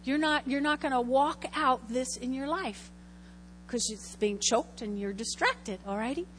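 High-voiced woman preaching in a hall. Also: a little slow. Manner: lively preaching with call-and-response to the congregation. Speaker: pastor. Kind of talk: sermon. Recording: hall reverb, faint hum.

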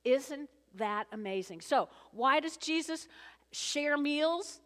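A woman pastor preaching a sermon in a church, lively and animated, acting out voices from the story. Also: high-pitched, takes it slowly. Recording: long reverb of a church hall.

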